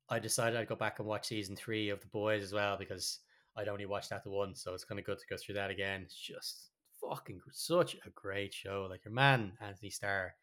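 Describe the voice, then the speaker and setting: Man, lowish voice, podcast co-host, casual, sweary, rambling, restarts. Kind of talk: casual chat.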